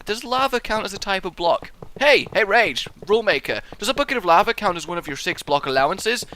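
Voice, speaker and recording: Hyper, high-voiced young man gaming. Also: fairly quick, slight background noise. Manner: excitable, goofy and rambling, swears freely. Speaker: let's play host. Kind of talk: rambling gameplay commentary.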